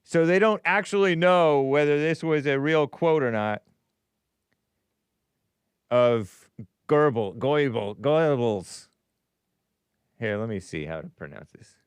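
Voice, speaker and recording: A man's voice: on the high side, expressive, normal speed, few pauses, clear, resonant tone, no echo. A man hosting a call-in show in casual live-stream chat, musing aloud and stumbling over hard names.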